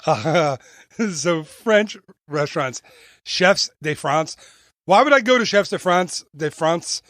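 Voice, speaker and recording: Man podcast co-host with a slightly high voice, playful and punny, close to a dry studio mic. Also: lively intonation, takes it slowly, fairly bright tone, no echo. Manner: joking, playful, tells corny puns. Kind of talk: casual chat. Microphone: studio microphone.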